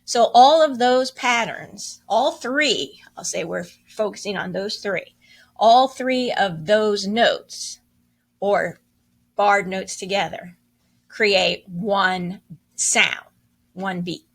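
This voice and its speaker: A woman's voice: medium pitch, slow, gravelly. A woman teaching a music lesson, encouraging as she counts and chants rhythms aloud.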